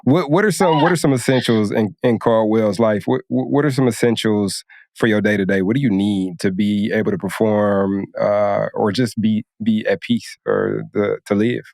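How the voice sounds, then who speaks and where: A man's voice: on the low side, moderate pace, gravelly, a little mellow, no echo. A man co-hosting a podcast, asking loose questions full of fillers. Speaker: podcast co-host. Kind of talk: casual podcast chat.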